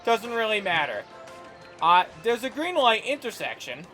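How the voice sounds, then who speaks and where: A man's voice: sits high, sing-song, normal speed, sharp tone, soft background music. A man chatting casually while playing a game, jokey and playful as he tells stories. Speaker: co-host. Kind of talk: casual gaming chat.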